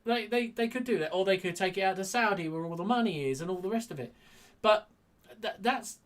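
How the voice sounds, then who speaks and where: Man, high voice, rambling boxing chat host. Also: brisk. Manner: chatty, rambling, frequent restarts and laughs. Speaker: podcast co-host.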